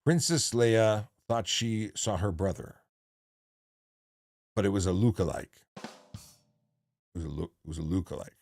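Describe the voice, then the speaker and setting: A former police officer hosts a casual livestream in a low, fry-edged voice. He talks jokily and rambles, circling back and correcting himself often. His voice sounds close and dry, with no room sound around it. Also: unhurried, long pauses, a little mellow, dry recording, soft background music. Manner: jokey, rambling with many restarts.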